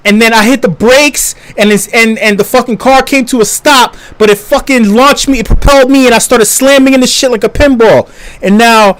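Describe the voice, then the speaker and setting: A man's voice: very high-pitched, moderate pace, fairly bright tone. A young adult man telling a story on a live stream, swearing freely, stammering through restarts and laughing as he talks.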